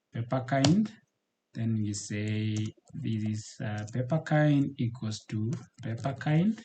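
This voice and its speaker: A man giving a screen-recorded coding walkthrough as a programming tutor, often repeating words and pausing with fillers as he types. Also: medium pitch, a little mellow, a little hiss or hum. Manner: halting, repeats words while typing, frequent fillers.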